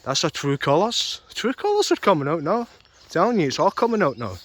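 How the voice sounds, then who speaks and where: A man's voice: a little high, sing-song, a little fast, a bit bright. A young man ranting angrily and repetitively about a custody dispute, swearing often. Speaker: vlogger. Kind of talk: angry personal rant.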